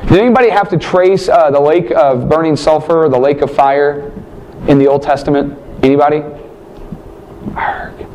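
A man's voice: a little high, moderate pace, a little mellow, a little hiss or hum. A man teaching a Bible class, quizzing his students and joking between points. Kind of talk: classroom lecture with questions.

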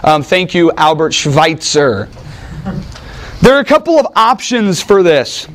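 A man delivers a sermon with a bright, higher-pitched voice. He preaches in an animated, conversational style, tossing in wry asides to the room. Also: unhurried, slight background noise. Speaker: pastor.

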